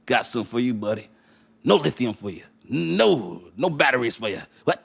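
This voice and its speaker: A man doing a gruff, scolding gatekeeper voice with a put-on Texan twang, low and dismissive. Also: very animated, normal speed, full character voice. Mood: taunting.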